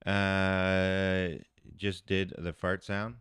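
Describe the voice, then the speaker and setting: Casual chatty male streamer, low voice. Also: monotone, drawn-out words, fairly bright tone, clear, resonant tone, no echo, studio quality. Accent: Canadian English. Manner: chatty, talks to viewers in the chat. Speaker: live streamer. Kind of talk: casual live-stream chat. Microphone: phone.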